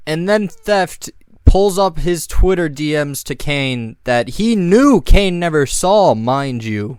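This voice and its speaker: A man narrates a commentary documentary in a sarcastic, scornful, casual tone. His voice is smooth and resonant, and the recording is close and dry, with no room sound. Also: medium pitch, no echo.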